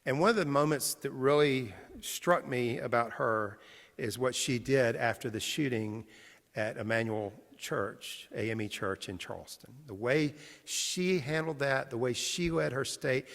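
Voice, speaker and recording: A man's voice: medium pitch, gravelly, fairly bright tone, long reverb tail. A male pastor giving a sermon, telling stories conversationally and retelling his interviews. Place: large church sanctuary.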